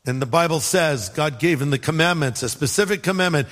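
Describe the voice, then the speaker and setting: In a long, echoing hall, a pastor with a fairly high voice preaches briskly and barely pauses. He tells a story with humor, acting out the voices of its characters and tossing in funny asides.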